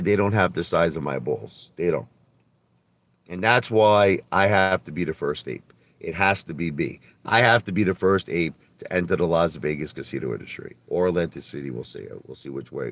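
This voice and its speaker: A man hosting a livestream, telling boastful stories in a brash, animated way, often stammering and repeating his words and swearing a little. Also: low voice. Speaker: livestream host. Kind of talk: casual livestream monologue.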